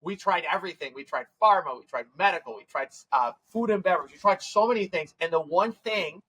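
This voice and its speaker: A man, a tech company CEO, telling stories as a guest in a casual podcast interview, acting out quoted dialogue with quick, run-on phrasing. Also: high-pitched, pushed and bright, husky, low-quality recording. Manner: fast, run-on phrasing with restarts.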